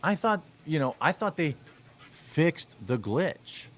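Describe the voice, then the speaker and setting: A man's voice: fairly high pitch, sing-song, slow, fairly bright tone, a little hiss or hum. A man giving opinionated commentary on video clips in a sarcastic, mocking, rambling way with many fillers. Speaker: commentary vlogger.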